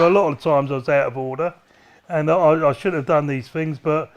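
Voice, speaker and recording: A man's voice: on the high side, steady tone, moderate pace, highs cut off, a little hiss or hum. A man, an interview guest, telling rambling, profane stories. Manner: rambling, profane, laughing storyteller. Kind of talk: casual storytelling.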